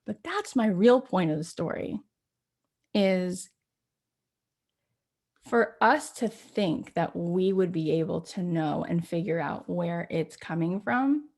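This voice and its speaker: A woman in her forties hosts a reflective spiritual talk. Her voice sits a little low, but it swings high and lively when she acts out the other people in a story. When she draws out the lesson, she settles into a calmer teaching tone. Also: slow pace. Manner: animated storyteller, acts out quoted dialogue with rising pitch. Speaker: host.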